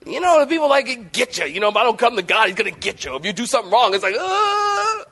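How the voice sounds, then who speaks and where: Animated high-voiced male preacher. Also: rapid-fire, gravelly, breathy edge. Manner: animated preaching, swings between loud and soft, jokes with the congregation. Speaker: pastor. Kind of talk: sermon.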